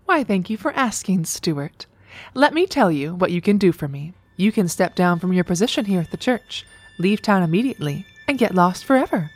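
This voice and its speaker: A woman playing a proud, vengeful mother who speaks in crisp, sarcastic put-downs. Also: on the low side, big pitch swings, normal speed, no echo. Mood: cold threatening. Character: proud cutting upper-class mother, icy and vengeful. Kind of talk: comedic audio drama acting.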